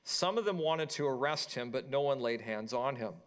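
A pastor preaching a sermon, reading scripture and retelling it in an animated, storytelling way. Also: male voice, medium pitch, normal speed, clear, resonant tone. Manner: animated storytelling, acting out quoted voices.

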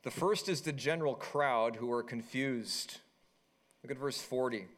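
Man preaching an animated sermon. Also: medium pitch, a little slow. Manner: animated storytelling, acting out quoted voices. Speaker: pastor.

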